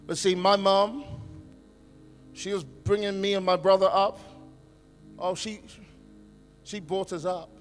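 A male pastor preaching an emphatic sermon, swinging between loud declarations and quiet asides. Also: sits high, little pitch movement, slow pace, long pauses, faint music behind. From England. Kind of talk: conference sermon.

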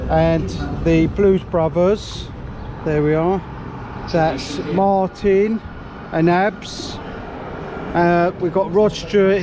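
A man giving a chatty, upbeat walking tour outdoors, talking to viewers while he walks along a resort street with a camera. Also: high voice. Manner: chatty, upbeat, keeps addressing viewers as guys. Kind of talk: casual walking-tour commentary. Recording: clear street traffic noise behind.

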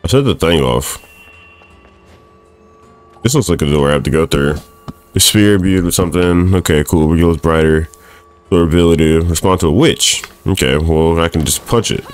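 A young man casually commentating his own gameplay, excitable and swearing at the screen. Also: low-pitched, normal speed, long pauses, faint music behind. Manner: excitable, swears and laughs often, talks to the screen. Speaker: gaming streamer. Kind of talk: let's play commentary.

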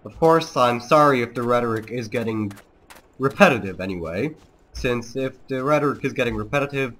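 A man's voice: medium pitch, brisk, fairly bright tone, a little hiss or hum. A man with a put-on Serbian accent, a let's play host giving mock-solemn, declamatory gameplay commentary.

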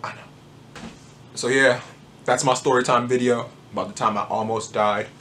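A man telling a personal story to camera in a casual, animated, joking way. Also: medium pitch, moderate pace, a little hiss or hum. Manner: animated, joking, acts out moments. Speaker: vlogger.

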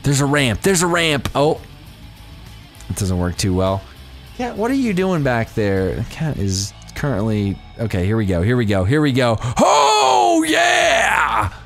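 A young man commenting on a game as he plays, giddy and breaking into high-pitched squeals of surprise. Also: big pitch swings, measured pace, soft background music. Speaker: gameplay commentator. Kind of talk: excited let's-play commentary.

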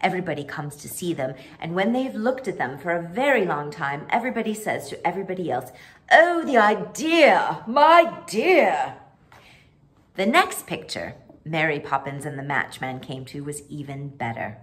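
A woman reading a children's book aloud as a storyteller, expressive and animated. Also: sits low, a little fast, hardly any pauses.

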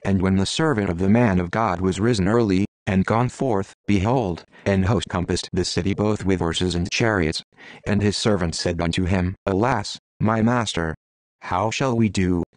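A man giving a measured, solemn reading of King James scripture. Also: sits low, no echo. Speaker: Bible reader.

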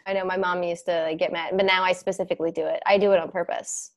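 A woman's voice: lowish voice, level tone, quick pace. A young adult woman hosting a podcast. She chats casually, laughs often and says "like" a lot. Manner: chatty, laughs often, fills with "like"; reads listener questions aloud. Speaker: podcast host. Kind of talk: casual chat.

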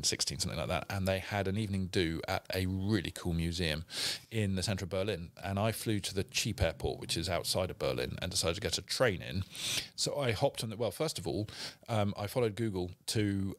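Low-voiced English man telling rambling anecdotes. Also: no echo. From England. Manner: rambling anecdotes with dry self-deprecating humour. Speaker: podcast co-host. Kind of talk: casual chat, storytelling. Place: studio. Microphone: studio microphone.

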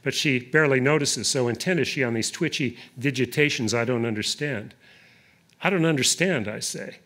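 A poet giving a live poetry reading, deliberate in the verse and hesitant in his asides. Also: medium pitch, a bit bright.

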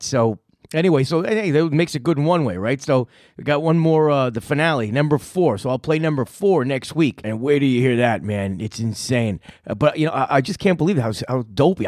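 A man's voice: mid-range voice, darkish tone, no echo, clean studio sound. A man hosting a comedy show in casual chat, rambling and swearing and mocking himself. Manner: rambling, profane, self-mocking. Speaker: host.

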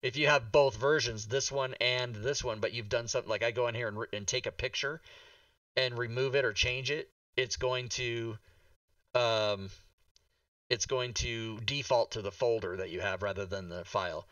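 Exasperated swearing man, bright voice. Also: mid-range voice, fairly even intonation, moderate pace, no echo, recorded from a distance. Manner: exasperated, swears, restarts often. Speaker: talk show host. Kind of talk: casual livestream chat.

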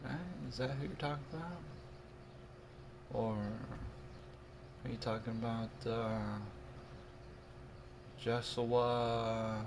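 A man preaches straight to his audience, reading scripture word by word with heavy emphasis. He drifts into mocking, conversational asides between verses. His delivery stays slow and deliberate over a faint hiss of background noise. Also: mid-range voice, steady tone. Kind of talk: video sermon commentary.

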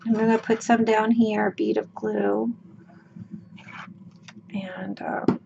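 A woman's voice: mid-range voice, level tone, takes it slowly, warm tone. A woman hosting a craft tutorial, talking casually through each step with her voice worn out, chatty and folksy with lots of ums and okays. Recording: dull lo-fi with clear room noise.

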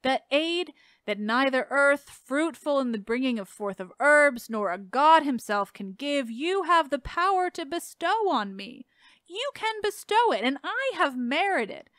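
A woman reading aloud as a devoted young female nymph, pleading slowly and earnestly. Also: high-pitched, big pitch swings, fairly bright tone, no echo, clean studio sound, full character voice. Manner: slow, earnest, imploring. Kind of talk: dramatic reading.

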